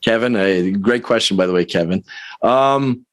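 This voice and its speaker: A man's voice: fairly low pitch, normal speed, dry recording. A man, a sports league insider, talking casually on a call, thoughtful and hedging with many fillers. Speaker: guest football league insider.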